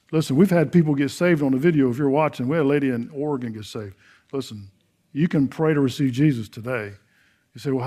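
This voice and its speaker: A middle-aged man preaching a sermon, telling a Bible story in a folksy way and acting out the dialogue, swinging between loud emphasis and hushed earnestness. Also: medium pitch. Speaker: pastor.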